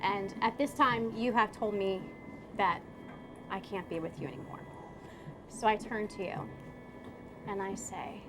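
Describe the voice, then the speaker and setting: A woman player narrating her character's memory in a lively, chatty tabletop game. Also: medium pitch, a little slow, pauses often, background noise. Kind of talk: tabletop role-play narration.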